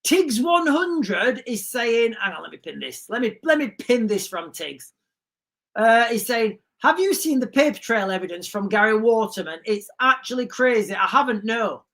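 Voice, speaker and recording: Reading viewer comments on a casual livestream, a male host rambles and restarts himself often, tossing in animated asides. His voice is pitched extremely high, and he talks at a normal speed.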